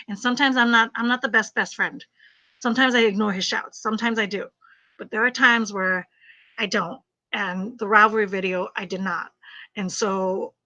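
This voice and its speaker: A woman's voice: mid-range voice, sharp tone. A middle-aged woman chatting casually and emphatically on a crochet livestream, repeating herself and laughing often. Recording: slightly muffled livestream audio.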